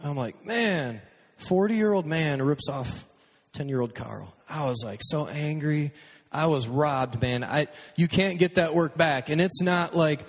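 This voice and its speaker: A man's voice: on the high side, measured pace. A man preaching a casual storytelling sermon as pastor, joking and acting out his own stories. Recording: long hall reverb.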